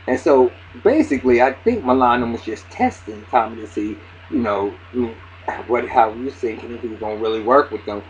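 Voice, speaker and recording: Talking a little fast in a mid-range voice, a reviewer gives a casual, profane recap of a TV episode. Excitable and swearing heavily, he plays out the characters' lines with many restarts, recorded in dull lo-fi sound with faint hiss.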